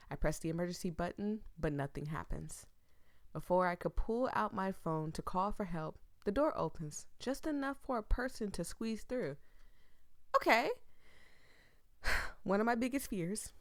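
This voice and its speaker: A woman's voice: fairly low pitch, dry recording, clean studio sound. A woman gaming YouTuber giving casual let's-play commentary, playful and rambling, often breaking into laughter.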